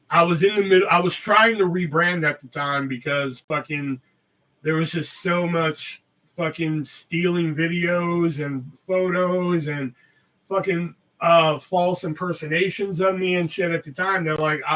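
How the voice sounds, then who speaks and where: A man's voice: fairly high pitch, bright, forceful tone, recorded from a distance, poor audio. Rambling, profane man, off-mic. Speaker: podcast host. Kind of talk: casual live-stream chat.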